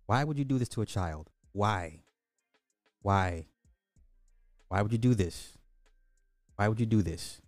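A man's voice: on the low side, animated, measured pace, long pauses, darkish tone, no room sound, soft background music. A man giving casual commentary, ranting crudely and repeating himself in disbelief. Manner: crude, repetitive, incredulous ranting. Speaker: online commentator.

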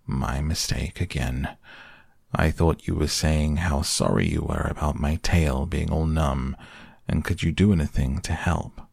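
A man doing a gloomy, self-pitying old donkey from a bedtime storybook, his voice sunk extremely deep and dragging along at a crawl. Every line comes out mournful and resigned, with a gravelly, husky edge. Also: measured pace, a little mellow, no echo, clean studio sound, full character voice. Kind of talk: soft bedtime storybook reading.

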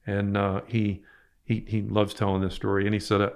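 A man's voice: lowish voice, completely flat delivery, moderate pace, clear, resonant tone. An older man telling rambling fishing stories in a casual interview, repeating his words as he goes. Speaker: fishing guide guest.

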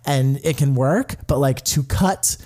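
A man's voice: medium pitch, a little slow, warm tone. A man co-hosting a podcast, rambling casually with wry asides and fillers. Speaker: podcast co-host. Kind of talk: casual chat.

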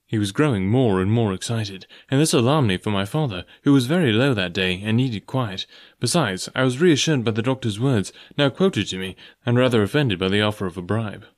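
A man hosting an audiobook channel, giving a friendly, upbeat introduction before reading the story aloud at a steady pace. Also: lowish voice, brisk, hardly any pauses. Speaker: audiobook host and narrator. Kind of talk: audiobook narration.

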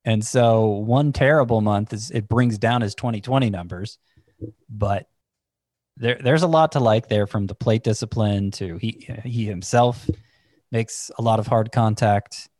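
Low-voiced man in casual podcast chat. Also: unhurried, a little mellow, no echo, clean studio sound. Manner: thinking aloud, restarts, second-guesses himself. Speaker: fantasy baseball analyst.

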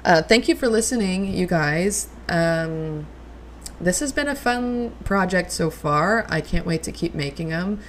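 A woman's voice: on the low side, expressive, unhurried, slight background noise. A young woman hosting a solo podcast, gushing and chatty with lots of likes and ums. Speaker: podcast host. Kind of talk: casual solo podcast chat.

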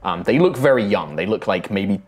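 A man's voice: lowish voice, lively intonation, fairly quick. A man acting as game master, narrating a tabletop game with frequent ums and restarts. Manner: hesitant, filler-heavy narration.

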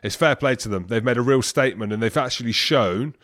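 A man's voice: mid-range voice, fast, fairly bright tone, dry recording, studio quality. A man co-hosting a rugby podcast, chatty and teasing in casual banter. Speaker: podcast co-host.

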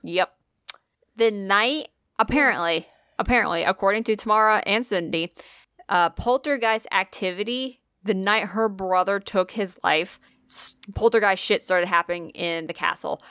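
A woman's voice: mid-range voice, normal speed, sharp tone, clear, resonant tone, no echo, studio quality. A woman co-hosting a podcast, telling a ghost story in casual chat, swearing freely and using lots of fillers.

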